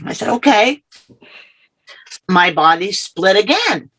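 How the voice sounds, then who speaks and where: A middle-aged woman telling her personal story as an interview guest, earnest and halting, often repeating herself. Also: medium pitch, big pitch swings, bright, forceful tone, husky, low-quality recording.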